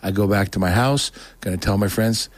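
A man's voice: lowish voice, a little fast, no room sound. Rambling man telling his testimony. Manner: rambling, animated, acts out quoted voices. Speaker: guest. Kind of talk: casual testimony storytelling.

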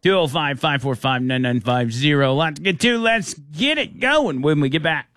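A man's voice: on the high side, expressive, normal speed, a bit bright, slight background noise. A man hosting a casual radio talk show, reading listener texts aloud with amused laughs.

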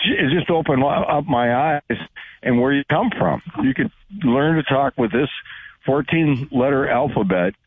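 A man's voice: mid-range voice, husky, no echo. An older man calling in to a radio show, telling a meandering, earnest story. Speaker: caller. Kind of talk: phone-in call. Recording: tinny phone line.

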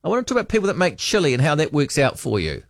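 A man's voice: fairly high pitch, wildly swooping pitch, racing, vocal fry, no room sound, clean studio sound. A man hosting talkback radio, chatting casually and reading out listener texts, often trailing off with hesitant ums.

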